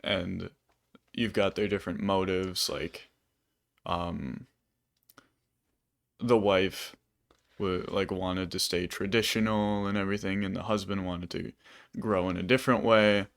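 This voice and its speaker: A man talks through a film on a casual podcast, meandering and full of fillers. His voice sits low and easygoing. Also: fairly even intonation, unhurried, gravelly, pauses often. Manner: rambling, many fillers. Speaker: podcast co-host. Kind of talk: casual movie review chat.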